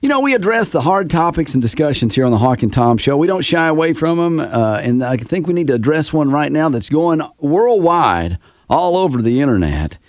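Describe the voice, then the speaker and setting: A man's voice: fairly high pitch, very animated, no room sound, studio quality. A man hosting a morning radio show, teasing his co-hosts in playful banter. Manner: playful, teasing, drawn-out emphasis. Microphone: studio mic.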